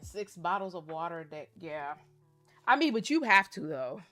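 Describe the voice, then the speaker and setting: A woman's voice: fairly low pitch, very animated, normal speed, fairly bright tone, dry recording, faint music behind. A young adult woman vlogger chatting casually and laughing often while opening card packs.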